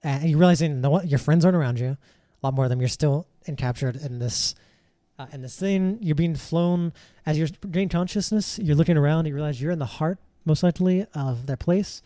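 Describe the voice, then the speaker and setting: A man's voice: fairly high pitch, brisk, mellow, dry recording, studio quality. A man narrating a tabletop game as game master, rambling, with many fillers and restarts.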